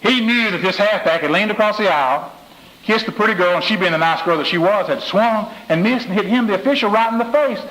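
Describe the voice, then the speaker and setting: A motivational speaker works through folksy stories and jokes. His voice sits a little high for a man, and he drives points home by repeating short phrases. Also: fast talker, fairly bright tone, poor audio.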